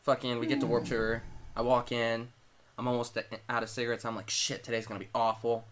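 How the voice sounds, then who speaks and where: A man's voice: mid-range voice, flat delivery, brisk. A young man, co-hosting a gaming video, telling a rambling story and swearing freely while he plays. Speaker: gaming co-host. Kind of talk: casual chat while playing a horror game.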